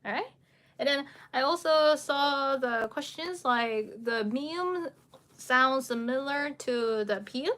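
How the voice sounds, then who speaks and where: Slow, bright-voiced woman teaching. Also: high voice. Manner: patient, demonstrates sounds by repeating syllables; frequent fillers and restarts, laughs lightly. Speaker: Korean pronunciation teacher. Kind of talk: live-stream lesson, answering comments.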